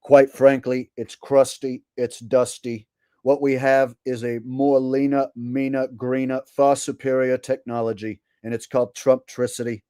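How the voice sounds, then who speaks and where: A man's voice: medium pitch, flat delivery, a little slow, mellow, clean tone, no echo, studio quality, natural voice. A man doing an impression of a boastful older politician, repeating grand promises in bragging salesman patter.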